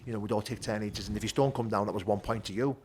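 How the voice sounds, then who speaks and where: A man with a Teesside accent telling his rough childhood story as an interview guest, blunt and animated, swearing freely. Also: fairly low pitch, racing, a little hiss or hum. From North East England. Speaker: guest, bare knuckle fighter. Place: gym.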